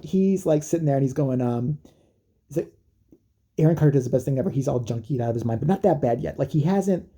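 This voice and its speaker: Husky man in a profane comedic rant. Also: mid-range voice, expressive, quick pace, mellow. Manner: profane, rambling, mocking. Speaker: comedic commentator.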